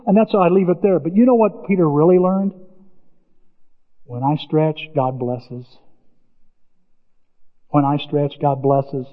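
A man preaching a sermon as a pastor, telling stories with animated delivery. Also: a little high, a little slow, long pauses. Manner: animated storytelling, acts out biblical voices. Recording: dull, reverberant church recording.

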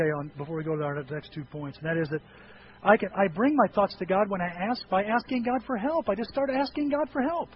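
A man preaching a sermon as pastor, animated, breaking into high yelping voices when he acts out quotes. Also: highs cut off, slight background noise.

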